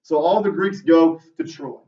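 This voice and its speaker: A male English teacher giving a lively classroom lecture to students, ending nearly every sentence with "right?". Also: fairly high pitch, normal speed. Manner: tags most sentences with "right?"; lively, talks straight to students. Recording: roomy, dull classroom audio from far off.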